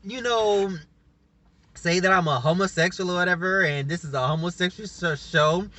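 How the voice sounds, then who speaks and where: A man's voice: sits high, moderate pace, pushed and bright. A man casually reviewing a reality show on his vlog, rambling, laughing often and openly emotional.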